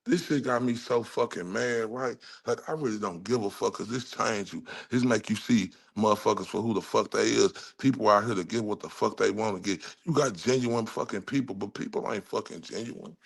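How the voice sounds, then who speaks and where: Male streamer from Dallas with a gravelly voice, ranting angrily and swearing constantly. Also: on the low side, fairly quick, hardly any pauses. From Dallas, Texas. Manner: furious, heavily profane ranting. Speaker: livestream host. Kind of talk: angry profane livestream rant.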